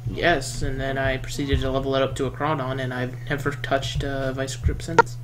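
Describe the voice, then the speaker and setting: A man's voice: mid-range voice, little pitch movement, normal speed, a bit bright. A man chatting casually while playing a video game, complaining and trading competitive banter. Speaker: gaming streamer.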